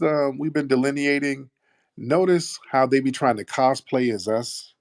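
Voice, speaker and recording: A man's voice: medium pitch, vocal fry, no room sound, clean studio sound. A man hosting a comedic call-in show, mocking and repetitive as he confronts his callers. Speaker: host. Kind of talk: comedic call-in radio talk.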